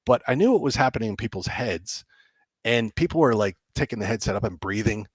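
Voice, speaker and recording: A man, a game developer, telling animated stories as a guest and acting out people's reactions with frequent laughs. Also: on the low side, fairly quick, no echo. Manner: excitable, acts out reactions, laughs often. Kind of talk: animated storytelling.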